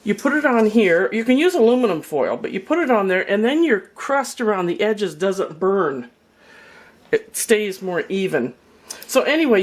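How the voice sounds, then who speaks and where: An older woman giving a chatty, folksy cooking demonstration in her home kitchen, with storytelling asides. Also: medium pitch. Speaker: home cook.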